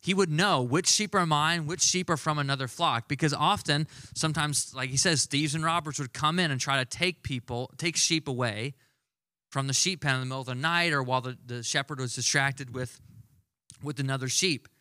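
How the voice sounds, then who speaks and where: Pria berkhotbah santai, suara cerah dan kering. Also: male voice, fairly high pitch, bright, forceful tone, no room sound, clean studio sound. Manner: conversational, emphatic preaching with slowed stressed words. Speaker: pastor. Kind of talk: sermon.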